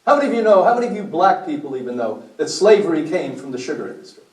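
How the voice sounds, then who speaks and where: A man's voice: a little high, lively intonation, racing. A man giving a blunt, preachy talk to a group at a health meeting, throwing questions at the audience. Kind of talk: impassioned lecture to a group. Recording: echoey room from far off.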